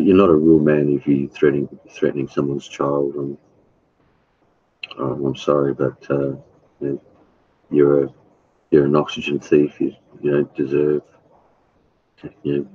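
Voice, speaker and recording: A man chatting casually with his live stream viewers, blunt and profane, halting with fillers. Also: a bass voice, level tone, slightly rough, dry recording, dull audio. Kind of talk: casual chat.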